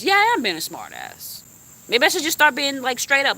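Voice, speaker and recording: Blunt, bright-voiced young woman venting. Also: fairly high pitch, wildly swooping pitch, brisk. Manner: blunt, heavy cussing. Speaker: YouTuber. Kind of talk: venting to a live stream chat.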